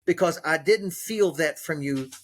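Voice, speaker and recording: A man's voice: on the high side, measured pace. A man voicing a male family dog who incredulously questions its owner, complaining that the praise felt empty. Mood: indignant.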